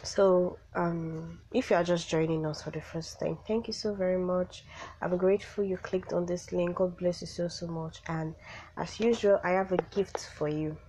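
A woman's voice: lowish voice, fairly even intonation, moderate pace, warm tone, a little hiss or hum, rough recording. A young woman who is sick, hosting her own podcast in a chatty, rambling way with exasperated asides. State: sick, voice affected. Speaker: podcast host. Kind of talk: casual solo podcast chat.

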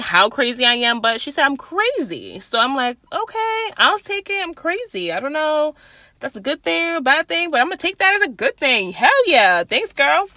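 Loud, blunt young woman podcaster. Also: on the high side, dry recording. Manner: blunt and chatty, swears freely. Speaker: podcast host. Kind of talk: casual solo podcast chat. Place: at her workplace.

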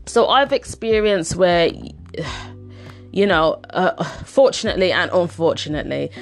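A chatty woman telling a casual personal story, rambling along with plenty of "um"s. Her speaking voice sits fairly low, and soft music plays faintly behind her. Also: lively intonation, a little slow. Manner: chatty, rambling, lots of fillers.

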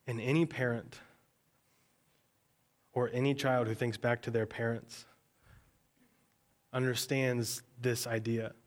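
A man in his thirties, a pastor preaching a sermon in a relaxed, conversational way. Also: medium pitch, slow pace, long pauses. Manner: conversational, storytelling with acted quotes.

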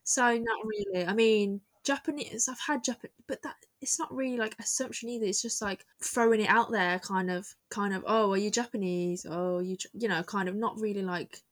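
A young woman co-hosting a podcast in casual conversation, talking in an animated, quick way and acting out remarks people made to her. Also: medium pitch, no echo. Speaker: podcast co-host.

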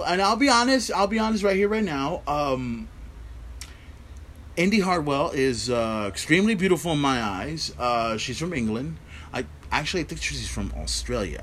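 A man recapping wrestling on his podcast, talking loosely and swearing often. His voice sits at an ordinary middle pitch. A faint hiss runs underneath the recording. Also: fairly bright tone. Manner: rambling, profane, many fillers. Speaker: podcast host.

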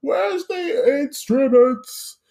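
A man's voice: very high voice, animated, drawn-out words, gravelly, dark tone, pitched above the performer's own voice, full character voice. A young man in his twenties voicing a grumpy eighty-year-old grandfather who scoffs at new music. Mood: scoffing. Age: 20s. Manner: scoffing, incredulous.

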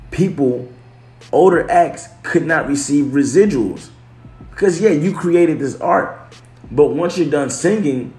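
A man's voice: medium pitch, a little mellow. A man talking casually to camera, loose and slangy, swearing, restarting and correcting himself as he goes. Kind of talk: casual chat. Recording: echoey room.

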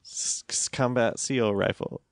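Man, podcast banter, jokey, profane, middle pitch, dry close mic. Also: steady tone, a little slow, vocal fry, dry recording. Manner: joking, profane, acts out bits. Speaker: comedian guest.

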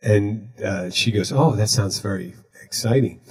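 A man hosting a podcast, telling a story in a casual, deadpan way. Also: on the low side, measured pace, husky. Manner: deadpan, recounting jokes he told. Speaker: podcast host.

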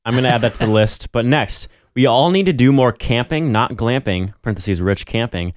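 A man's voice: medium pitch, brisk, dry recording, studio quality. A young man co-hosting a casual podcast, laid-back as he reads out listener takes and riffs on them. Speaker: podcast co-host. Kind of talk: casual chat, reading listener submissions.

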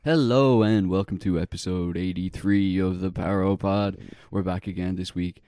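A man's voice: sits low, fairly even intonation, normal speed, dark tone, smooth, no echo. A man hosting a podcast, easygoing in casual chat and dropping dry quips, close to the mic. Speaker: podcast host.

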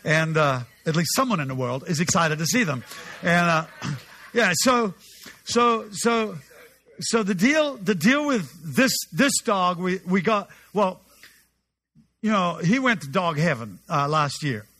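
A male pastor preaching with a humorous, animated storytelling manner, often restarting his sentences. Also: sits high, measured pace. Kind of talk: sermon storytelling.

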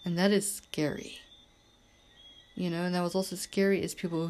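Woman, podcast host, talks in a loose, emphatic monologue full of "like" and "literally", slightly low voice. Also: flat delivery, normal speed, a little mellow. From Bermuda. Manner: rambling and emphatic, heavy use of "like" and "literally". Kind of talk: casual monologue.

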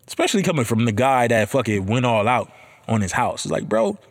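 A man hosting a podcast, telling a story about being a father in a casual chat, profane and heated, ranting with animated energy. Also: medium pitch, brisk. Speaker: podcast host.

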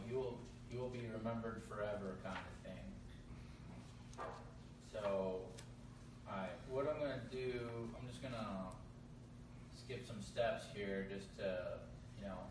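A man, an artist painting live, chatting loosely as he works, often checking in with "right?" and restarting his sentences. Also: on the low side. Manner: rambling, self-correcting, tags "right?". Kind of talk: casual talk while painting. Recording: echoey room, mic far off, background noise.

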